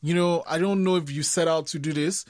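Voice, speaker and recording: A high-pitched man asks questions with eager, wandering enthusiasm, piling up fillers. The sound is close and dry. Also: fairly even intonation, fairly quick, no echo. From not from Canada. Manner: enthusiastic, rambling, filler-heavy. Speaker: interviewer. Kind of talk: interview conversation.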